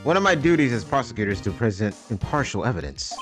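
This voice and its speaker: A man voicing a composed, formal male prosecutor who speaks in a measured, stiff way. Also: medium pitch, big pitch swings, over music, voice pushed down, close to an everyday voice. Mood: cold.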